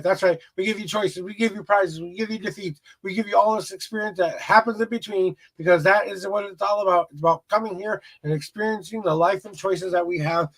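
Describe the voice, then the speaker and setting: A man with a notably high voice, talking casually to his livestream viewers. He gives an upbeat, motivational little speech and keeps things easygoing. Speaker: tarot reader livestream host.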